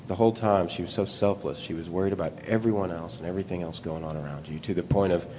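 Brief: young man, very low voice, halting heartfelt eulogy, long hall reverb, faint rumble. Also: fairly even intonation, darkish tone. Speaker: grandson giving a eulogy. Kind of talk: memorial eulogy.

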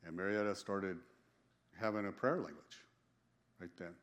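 A man with a deep but fairly bright voice tells his personal religious testimony casually, like a story. He's emphatic, quick to laugh, and keeps repeating and restarting phrases.

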